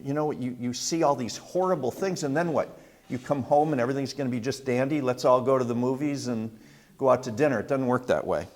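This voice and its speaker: An older man at a middle pitch tells a family war story in a chatty, unpolished way. He stumbles, restarts and fills pauses as he talks, and he speaks as the host. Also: a little mellow. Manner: conversational with frequent restarts and fillers. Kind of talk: personal storytelling.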